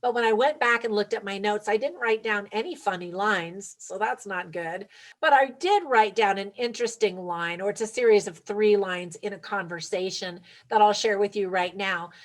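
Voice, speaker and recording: A woman's voice: mid-range voice, moderate pace. A chatty woman in a mid-range voice gives her casual take on a film. She sounds upbeat and talks right to the viewer, laughing lightly now and then. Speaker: movie reviewer. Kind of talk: casual movie review vlog.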